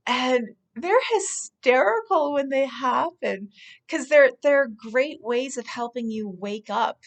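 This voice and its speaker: A woman speaking as a spiritual speaker, telling personal stories in an earnest, unhurried way with soft laughs. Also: sits high, lively intonation. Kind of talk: personal storytelling monologue.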